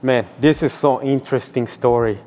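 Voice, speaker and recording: A man's voice: medium pitch, steady tone, normal speed, mellow, slight background noise. A man hosting a podcast interview, with short reactions and simple phrasing. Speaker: podcast host. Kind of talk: casual interview. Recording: long hall reverb.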